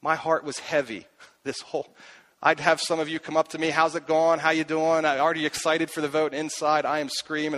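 A middle-aged man delivers a sermon from the pulpit in an earnest, searching way. His voice sits slightly higher than most men's, and he circles back to repeat his key lines as he questions himself aloud. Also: little pitch movement, normal speed, a bit bright. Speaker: pastor.

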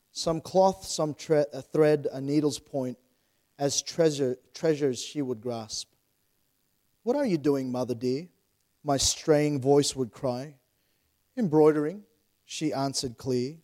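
A man preaching a sermon and reading a poem aloud, earnest, quick phrases that fall away softly, with frequent restarts. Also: a little high. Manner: earnest, fast then trailing softly.

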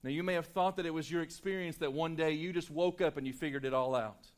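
A male pastor preaching a sermon to his church, swinging between loud, emphatic lines and hushed, quiet ones. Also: on the high side, steady tone, quick pace. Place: church sanctuary.

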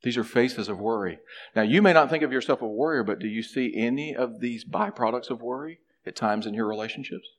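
A man preaching a sermon, animated, acting out a character's complaints in a raised voice. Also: medium pitch, a little fast. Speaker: pastor.

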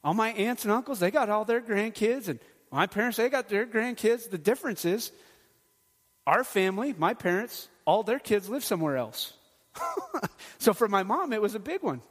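A man's voice: high-pitched, lively intonation, normal speed. A middle-aged man, a pastor, preaching a sermon in an earnest, conversational way with touches of humor. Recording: long hall reverb.

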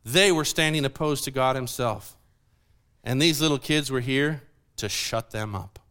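A man's voice: medium pitch, unhurried, clean tone. A man preaching a sermon, explaining scripture and putting questions to the congregation. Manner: animated, asks the audience questions.

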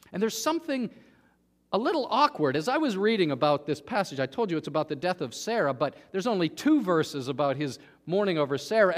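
A man preaching a sermon, earnest, dropping to a hush and then rising to emphatic peaks. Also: on the high side. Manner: earnest, swings from hushed to emphatic. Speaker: pastor. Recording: long hall reverb.

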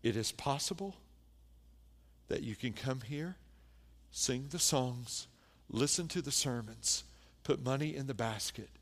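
A male pastor preaching a sermon, moving from hushed, low passages to loud, impassioned stretches full of rhetorical questions to the congregation. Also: a little slow, long pauses, long reverb tail.

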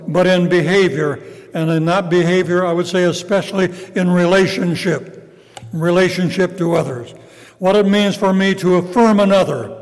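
An older man preaching a sermon in a measured, reflective way, with pauses. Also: high voice, in a large hall, low-quality recording. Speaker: pastor.

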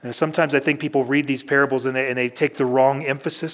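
A man's voice: mid-range voice, flat delivery, quick pace, a bit bright. Man preaching a conversational sermon. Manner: conversational teaching, reads scripture aloud, varied pacing. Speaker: pastor. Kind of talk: expository sermon.

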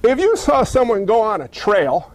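A man's voice: high voice, very animated, moderate pace. A man preaching a sermon, retelling a story with humor and acting out the characters in mocking voices. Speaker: pastor.

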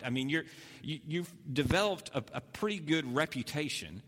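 A man's voice: on the high side, animated, normal speed, fairly bright tone. Man preaching in a reverberant hall. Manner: earnest, repeats phrases, frequent restarts. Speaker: pastor. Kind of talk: sermon.

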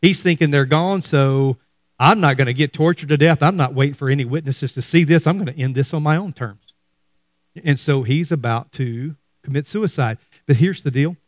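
A man's voice: a little high, normal speed, dry recording, clean studio sound. A middle-aged man preaching a sermon, speaking animatedly to his congregation. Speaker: pastor.

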